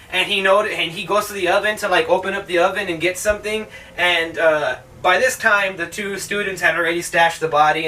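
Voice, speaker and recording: Sarcastic dude trashing a movie, cussing constantly, sharp bright tone. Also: male voice, sits high, recorded from a distance, low-quality recording. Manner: sarcastic, heavy swearing. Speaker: film reviewer, channel host. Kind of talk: casual movie review rant.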